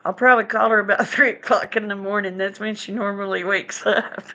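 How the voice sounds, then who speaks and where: A middle-aged woman chatting with her viewers on a live stream from home, folksy and quick to laugh. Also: mid-range voice, steady tone, bright, forceful tone. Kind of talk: casual chat with viewers. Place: home, indoors.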